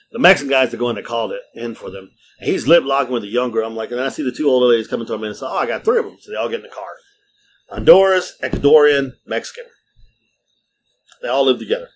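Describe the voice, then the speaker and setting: A middle-aged man with a mid-range voice hosts a podcast, telling rambling stories at a quick pace in casual, profane chat. His storytelling is lively and full of swearing.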